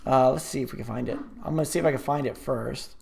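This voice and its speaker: A man's voice: mid-range voice, fast talker, gravelly, darkish tone. A man hosting a live stream, chatting casually and reading viewer comments aloud, rambling with many fillers and restarts.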